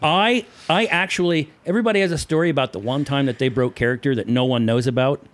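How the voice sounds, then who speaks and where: A man's voice: mid-range voice, fast. A man telling stories about his old costume-character job in a casual chat, often laughing and acting out the voices of the people in his stories. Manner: animated storyteller, laughs often, acts out voices in quotes. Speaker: guest, former theme park costume performer.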